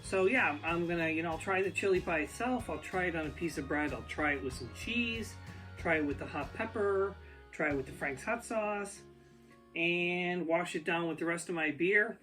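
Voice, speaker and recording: A man talks off the cuff to his viewers, rambling from one thought to the next in a slightly high voice. He records in his home basement on an ear pod, with music clearly playing under his talk. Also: normal speed, pushed and bright. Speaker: YouTube food reviewer. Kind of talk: casual unscripted vlog talk.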